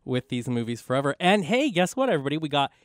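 A man's voice: a little high, very animated, fast talker, no room sound. A man co-hosting a radio talk show in casual chat, laughing often as he introduces guests.

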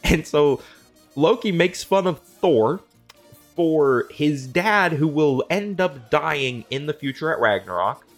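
A man's voice: on the high side, expressive, takes it slowly, soft background music. A man hosting a comedic monologue, rambling and swearing in disbelief as he retells old myths. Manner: profane, rambling, incredulous. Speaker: host.

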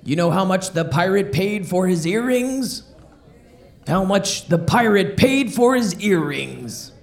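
A man playing a pirate comedian who tells family-friendly jokes and repeats each question before a slow punchline. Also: high-pitched, expressive, creaky, full character voice. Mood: cheerful. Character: jolly joke-telling male pirate comedian.

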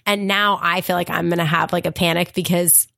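A woman guest on a comedy podcast, telling a story in a casual, animated way, acting out quotes and laughing often. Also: fairly low pitch, fairly quick, gravelly, no echo.

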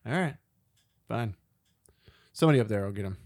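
A man's voice: fairly low pitch, lively intonation, fairly quick, darkish tone, dry recording. Laid-back man in his thirties. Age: 30s. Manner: laid-back, dry quips, backs up his co-host. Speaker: podcast co-host. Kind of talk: casual podcast chat.

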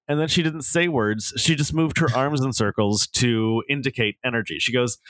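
A man's voice: medium pitch, fairly quick, few pauses, a bit bright, dry recording, poor audio. A man co-hosting a podcast, telling wordy stories in casual chat and swearing freely. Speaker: podcast co-host.

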